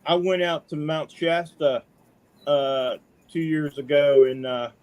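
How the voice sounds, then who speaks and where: Chatty middle-aged man with a higher voice. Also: fairly even intonation, slow, darkish tone. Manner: chatty, folksy, says "man" often. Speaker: caller. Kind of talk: casual storytelling.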